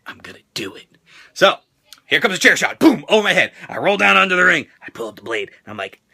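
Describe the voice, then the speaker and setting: Rowdy, profane American man with a high voice. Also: big pitch swings, quick pace, gravelly, pushed and bright, breathy edge. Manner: rowdy, profane, jokey, acts out quotes in high squeals. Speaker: toy collector vlogger answering fan questions. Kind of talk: casual Q&A vlog.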